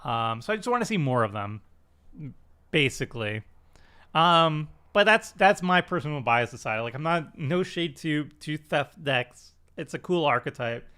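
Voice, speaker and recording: Chatty man reviewing cards, slightly high voice. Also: expressive, moderate pace, pushed and bright, clean tone. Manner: chatty, self-deprecating, many fillers and restarts. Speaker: commander stream host. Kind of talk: casual card review chat.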